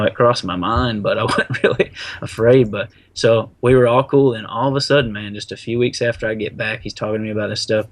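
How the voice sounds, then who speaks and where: A middle-aged man with a somewhat low voice tells a story in easygoing slang, acting out the lines of the people in it. His voice sounds dry and close to the mic, with no room sound. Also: no room sound. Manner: animated, slangy, acts out quotes. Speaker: guest. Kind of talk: casual storytelling.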